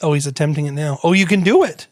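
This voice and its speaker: A man's voice: on the high side, lively intonation, dry recording. Joking male podcast host, dry studio. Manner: playful, joking, quick to tease. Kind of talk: casual chat.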